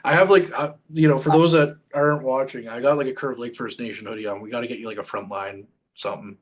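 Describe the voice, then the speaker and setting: A man hosting a casual podcast interview, animated and quick to laugh. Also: medium pitch, muffled recording. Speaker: podcast host.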